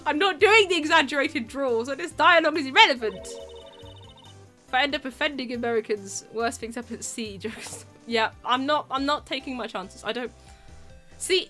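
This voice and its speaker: A woman's voice: fairly high pitch, bright, forceful tone. A British woman casually commenting on a game stream, chatty and self-deprecating. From Britain.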